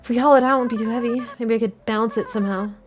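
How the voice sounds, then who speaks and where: A woman's voice: fairly high pitch, steady tone, racing, a little hiss or hum, pitched above the performer's own voice, close to an everyday voice. A woman voicing a shy, clumsy, eager young woman who speaks hesitantly and earnestly, reading game dialogue aloud.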